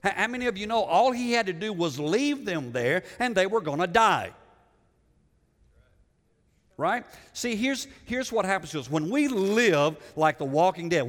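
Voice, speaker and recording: A middle-aged man preaching a sermon in a conversational way, repeating words and putting questions to the congregation. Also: high voice. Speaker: pastor. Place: church sanctuary. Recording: long church reverb.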